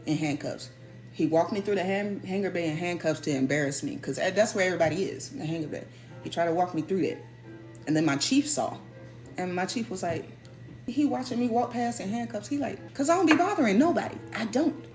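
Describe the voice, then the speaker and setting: Woman storyteller, lively and emphatic, slightly low register, soft music bed. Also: brisk. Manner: animated, emphatic, repeats key phrases. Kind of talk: casual storytelling.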